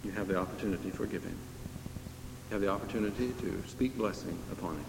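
Mellow-voiced preacher in an echoing hall. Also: male voice, lowish voice, a little fast, slight background noise. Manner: conversational, emphatic, asks the audience questions. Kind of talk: sermon. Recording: echoey hall with long reverb.

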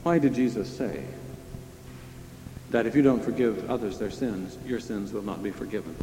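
A man with a lowish, dark voice preaches a sermon at a moderate pace, conversational and emphatic, posing questions to his listeners. There's a slight hiss or hum, and the hall echoes with long reverb.

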